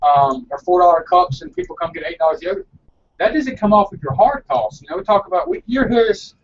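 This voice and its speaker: A man's voice: high voice, big pitch swings, a little fast, recorded from a distance. Male shop owner, earnest rambler; dull lo-fi recording, faint background noise. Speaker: frozen yogurt shop owner. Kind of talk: casual live broadcast chat.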